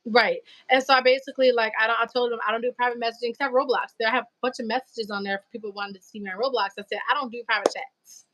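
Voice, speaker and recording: A woman hosting a live stream, chatting casually and telling animated stories full of slang and acted-out quotes. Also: fairly high pitch, rapid-fire, few pauses, lo-fi sound. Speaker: livestream host. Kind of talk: casual chat.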